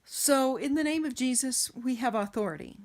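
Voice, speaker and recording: A woman telling a story about a dream in a casual, rambling way, with many pauses and restarts. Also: sits high. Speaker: vlogger recounting dreams. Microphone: camera.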